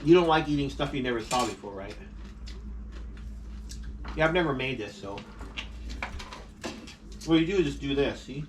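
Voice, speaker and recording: A man's voice: mid-range voice, lively intonation, normal speed, long pauses. A man hosting a casual home food vlog, playful and chatty, laughing often. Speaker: vlog host. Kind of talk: casual mukbang chat. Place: home dining table. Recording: distant camera mic with faint noise.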